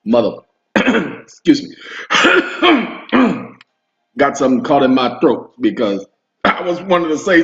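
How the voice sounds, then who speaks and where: A man hosting an online video, talking to his viewers in a rambling, emphatic monologue. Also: medium pitch. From Southern US roots. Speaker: video host. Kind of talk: casual monologue to camera. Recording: roomy, dull home recording.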